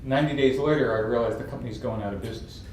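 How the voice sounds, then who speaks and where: A man's voice: medium pitch, rapid-fire, background noise. A man from New York, telling funny stories as an entrepreneur guest. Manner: lively, humorous storyteller. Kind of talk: storytelling interview. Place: event stage. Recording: echoey room from a distance, faint ambience.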